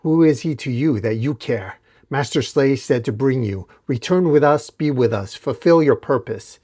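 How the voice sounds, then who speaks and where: A man's voice: medium pitch, lively intonation, normal speed, dark tone, close to an everyday voice. A man voicing a harsh masked male cult warrior in a comic read-aloud, barking orders. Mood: demanding. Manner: barked orders.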